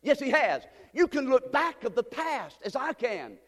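High-voiced preacher in a reverberant hall. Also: male voice, very animated, a little slow. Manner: preaching, rising to fervent shouts. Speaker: pastor. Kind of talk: sermon.

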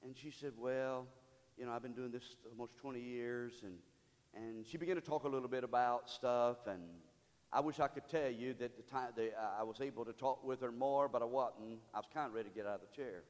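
A pastor preaching a sermon in a church, building from storytelling to loud call-and-response exhortation. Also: male voice, mid-range voice, fairly even intonation, fairly quick, big-room sound. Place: church sanctuary.

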